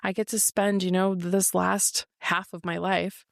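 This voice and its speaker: Flat in delivery and measured in pace, a low-leaning, creaky voice belongs to a woman in her forties hosting her own podcast from an office. Her candid solo monologue is confessional and laced with free swearing, captured with clean studio sound and no room sound.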